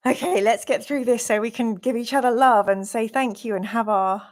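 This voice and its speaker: A woman's voice: on the high side, normal speed. A woman hosting a live game stream, gushingly thanking viewers and reading out their comments.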